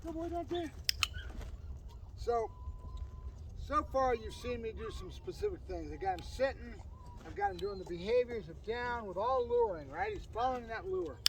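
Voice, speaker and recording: A man's voice: very high-pitched, very animated, moderate pace, creaky, recorded from a distance, noisy background. A man working as a dog trainer, explaining a training session outdoors while praising his dog. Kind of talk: casual training demonstration. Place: outdoors on a property.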